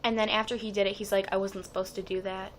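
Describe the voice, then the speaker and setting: A teenage girl chatters through a long fan story in a casual vlog, slipping into everyone's lines with a steady stream of "like". Her voice sits at an ordinary middle pitch. A faint hiss of background noise runs under her talk. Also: fast talker. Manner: chatty and excitable, quoting others with "like". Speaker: fan vlogger.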